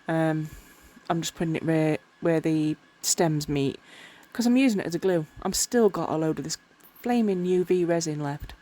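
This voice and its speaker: Tired woman, lowish voice, rambling self-mocking crafting vlogger who stumbles over words. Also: moderate pace, hardly any pauses, dark tone. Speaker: miniature crafter. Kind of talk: casual crafting vlog narration.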